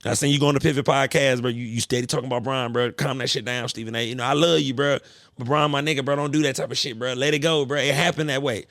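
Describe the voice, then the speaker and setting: A man hosting a podcast, ranting in a casual, profane, animated monologue. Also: medium pitch, fast talker, dry recording, studio quality. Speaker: podcast host.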